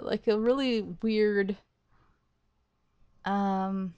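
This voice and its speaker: A woman hosting a game playthrough, talking excitedly and rambling as she thinks aloud, laughing often. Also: medium pitch, unhurried. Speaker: let's play host. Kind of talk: gaming commentary.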